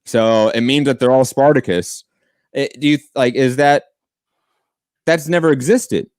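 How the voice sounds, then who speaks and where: A man's voice: medium pitch, measured pace, a little mellow, dry recording, studio quality. A man co-hosting a political podcast debate, pressing his opponent with long probing questions. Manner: probing, pushes back with questions. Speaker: podcast co-host.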